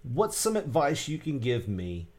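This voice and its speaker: A man's voice: mid-range voice, wildly swooping pitch, a little slow, a little mellow. Joking man hosting a podcast interview. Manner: joking, laughs along often. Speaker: podcast host. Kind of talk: casual interview chat.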